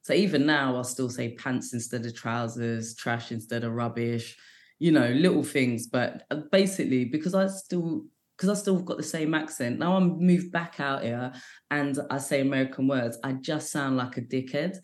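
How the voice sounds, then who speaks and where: A woman's voice: rumbling low, normal speed, darkish tone. A British woman in her forties, a comedian guest chatting casually with lots of slang, swearing and fillers. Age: 40s. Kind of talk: casual chat.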